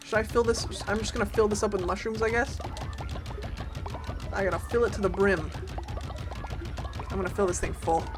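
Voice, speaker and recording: A woman streamer giving casual, chatty gameplay commentary, reacting loudly and talking to her chat and her game's followers. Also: mid-range voice, steady tone, moderate pace, long pauses, music in the background.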